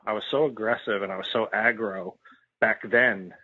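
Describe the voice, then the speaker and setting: A man's voice: lowish voice, steady tone, normal speed, breathy edge. A man telling a raw personal story on a podcast, repeating himself and swearing freely. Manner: emotional, repetitive, swears freely. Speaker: podcast guest. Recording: tinny phone-like line.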